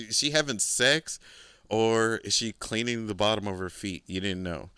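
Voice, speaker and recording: Low, smooth man spinning profane stories. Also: normal speed, sharp tone, dry recording. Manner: rambling, profane, laid-back. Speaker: podcast host. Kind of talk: casual storytelling.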